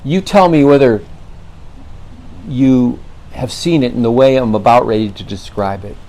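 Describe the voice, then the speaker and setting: Male devotional host, mid-pitched, earnest and unhurried, restarts phrases often. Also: mellow, low-quality recording. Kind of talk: spoken devotional.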